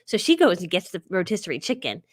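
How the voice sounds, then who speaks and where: A middle-aged live-stream host with a lowish voice speaks quickly, her pitch swooping wildly. She tells stories in a casual, chatty manner, laughing a lot and acting out what people said.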